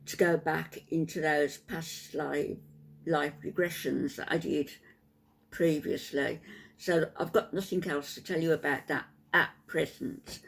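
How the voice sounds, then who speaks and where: An older woman, softly spoken and tired after a sleepless night, chatting to her viewers in a halting way with many ums. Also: low voice, vocal fry, husky. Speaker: vlogger. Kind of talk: casual chat to camera.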